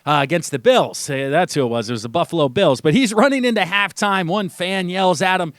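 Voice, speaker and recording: Brief: young male sports radio host, high-pitched, animated, mocking, dry studio sound. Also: brisk, no echo. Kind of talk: casual sports talk monologue.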